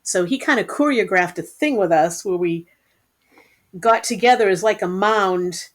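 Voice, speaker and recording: A middle-aged woman tells rambling stories from long ago in casual podcast talk. Her voice sits at a medium pitch, and her telling turns lively at the high points. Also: moderate pace. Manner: animated, rambling anecdotes. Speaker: podcast guest. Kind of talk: casual storytelling.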